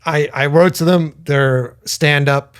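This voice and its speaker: A man's voice: fairly high pitch, steady tone, slow, clean tone, no room sound, studio quality. A man co-hosting a podcast, chatting casually and telling rambling stories with the odd swear word. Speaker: podcast co-host. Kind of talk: casual chat.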